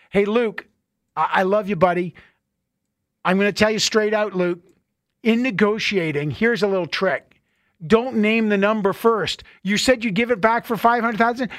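High-pitched, playful radio host man. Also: no echo, studio quality. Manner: playful, laughing, animated banter. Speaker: radio talk show host. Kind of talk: call-in talk radio.

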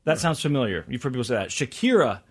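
A male radio host in relaxed studio banter, thinking out loud as he reads through a list. His voice sits at an ordinary middle pitch, and his talk is easygoing and chatty. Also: quick pace, breathy edge. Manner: chatty, musing aloud, reads items from a list. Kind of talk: casual on-air chat.

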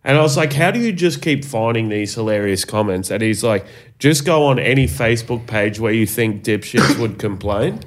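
A man's voice: fairly low pitch, lively intonation, normal speed, few pauses. Dry teasing Australian man. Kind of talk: casual chat.

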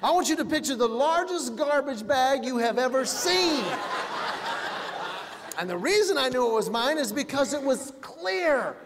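A male stand-up comedian telling jokey stories on stage in an animated way. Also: extremely high pitch, normal speed. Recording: long hall reverb, faint noise.

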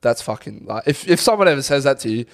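A man's voice: medium pitch, big pitch swings, quick pace, creaky. A young man co-hosting a podcast, talking in blunt, sweary, laddish banter. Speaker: podcast co-host. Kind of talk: casual chat.

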